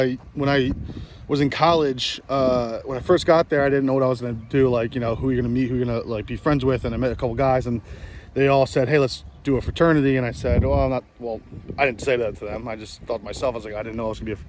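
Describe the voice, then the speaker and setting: A man's voice: mid-range voice, background noise. A man in his late twenties with a New Jersey accent, telling rambling, self-deprecating stories while out playing golf. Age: 20s. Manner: rambling, self-deprecating, many fillers and restarts. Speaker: vlogger. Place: outdoors on a golf course.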